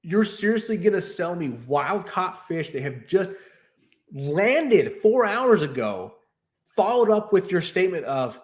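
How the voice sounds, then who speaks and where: A man's voice: medium pitch, moderate pace. Exasperated man telling a store story. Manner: animated, exasperated retelling with quoted dialogue. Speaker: fish keeper vlogger. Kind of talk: casual storytelling rant.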